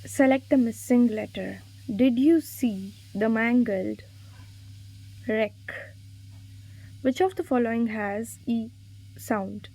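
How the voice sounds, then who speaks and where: A woman's voice: a little high, vocal fry, mellow. A woman reading exam quiz questions and answers aloud, spelling words out letter by letter. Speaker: exam revision narrator.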